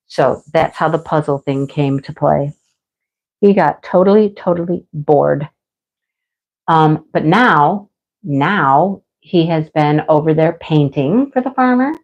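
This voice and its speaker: A woman's voice: on the low side, darkish tone, dull audio. A middle-aged woman chatting casually with her viewers while she works on a craft, laughing often. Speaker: livestream crafter. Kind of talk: casual chat while diamond painting.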